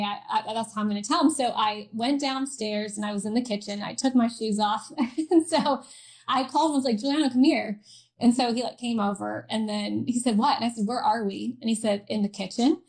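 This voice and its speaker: A woman's voice: fairly high pitch, a little mellow, rough recording. A woman in her thirties chatting as a guest, laughing often and telling a personal story with many fillers. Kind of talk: casual chat.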